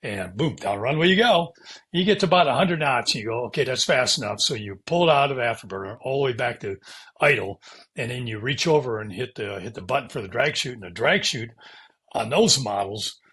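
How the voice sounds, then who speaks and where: A man's voice: medium pitch, expressive, a little fast, a bit bright, breathy edge. An older American man, a former fighter pilot, telling stories in an interview, acting out radio calls and hissing brake sounds and swearing casually. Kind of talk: animated storytelling interview.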